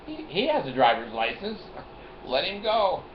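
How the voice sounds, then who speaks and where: A man's voice: fairly high pitch, huge pitch swings, moderate pace. Older man, rambling storyteller, chuckling, roomy lo-fi sound, faint hiss. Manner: chuckling, storytelling, repeats phrases. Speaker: vlogger.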